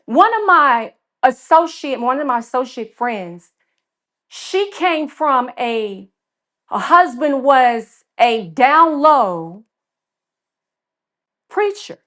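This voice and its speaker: A woman's voice: high-pitched, animated, slow, long pauses, fairly bright tone. A woman from Georgia with a Southern accent, talking earnestly as a caller on a live stream. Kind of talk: casual opinion talk.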